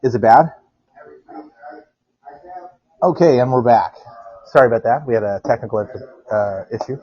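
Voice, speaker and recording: A man's voice: medium pitch, fairly quick, slight background noise. A man co-hosting a podcast by phone while walking into a bar, rambling and laughing as he tells stories. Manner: rambling storyteller, laughs often. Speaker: podcast co-host. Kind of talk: casual chat. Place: walking outdoors, then inside a quiet bar. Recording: dull lo-fi phone-call audio.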